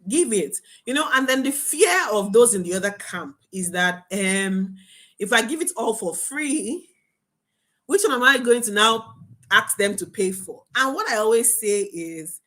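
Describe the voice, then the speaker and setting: A young adult woman teaching a marketing webinar as a coach, talking in an animated, emphatic way. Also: medium pitch, a little slow. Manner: animated, emphatic, laughs and acts out students' voices.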